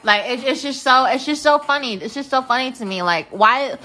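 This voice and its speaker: Bright-voiced young woman ranting bluntly. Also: high voice, expressive, a little fast, low-quality recording. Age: late 20s. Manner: blunt, profane, heated ranting. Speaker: podcast host. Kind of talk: confessional podcast storytelling.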